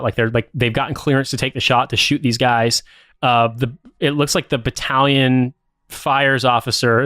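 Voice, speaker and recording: A man with a smooth, clear voice talks through a story in a loose, rambling way, swearing freely and leaning on filler words. His pitch sits in an ordinary middle range, and the sound is close and dry, with no room around it. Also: fairly bright tone, dry recording. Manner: rambling, profane, many fillers. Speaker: podcast co-host. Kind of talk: casual plot recap.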